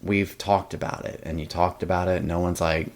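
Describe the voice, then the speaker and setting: A young man talks casually on a podcast in a lowish voice. He rambles with plenty of fillers and restarts. He slips into livelier voices when he quotes his family. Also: little pitch movement, fairly quick. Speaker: podcast guest. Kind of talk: casual interview chat.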